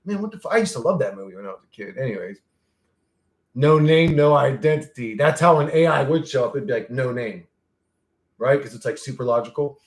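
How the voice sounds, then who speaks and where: A man's voice: medium pitch, expressive, racing, few pauses. A man casually chatting on a livestream, reading chat aloud, laughing often and swearing freely as he jumps from topic to topic. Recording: roomy echo.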